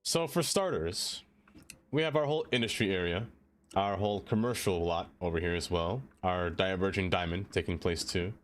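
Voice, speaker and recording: A man's voice: low-pitched, moderate pace, slight background noise. A man live-streaming a city-building game, chatting playfully with viewers, greeting them by name and laughing often. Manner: playful, easily excited. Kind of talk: casual live-stream chat.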